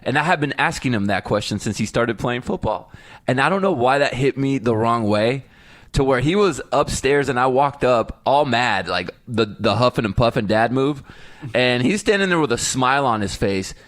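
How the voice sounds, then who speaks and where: A man co-hosting a parenting podcast, a father who tells stories in an animated way. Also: mid-range voice, normal speed, no room sound, studio quality. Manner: animated storyteller, jumps into voices when quoting. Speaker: podcast co-host. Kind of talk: casual chat.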